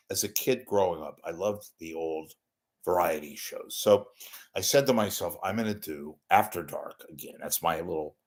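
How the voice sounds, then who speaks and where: Brief: older male host, very low voice, blunt, chatty, unprepared and self-mocking. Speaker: host of an online talk show. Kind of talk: unscripted solo talk reading viewer messages.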